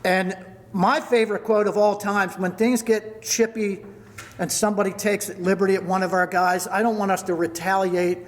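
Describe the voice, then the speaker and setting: An older man delivers a retirement party speech, running down names and telling hockey stories. His voice sits high for a man. The sound carries a long reverb from a large hall. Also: flat delivery, moderate pace. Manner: storytelling, thanking people by name.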